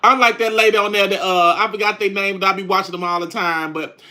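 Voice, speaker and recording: A man's voice: high voice, steady tone, quick pace, sharp tone. A man playing a sassy middle-aged country woman, chatting in country slang on a live stream. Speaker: livestream host. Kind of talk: casual live-stream chat.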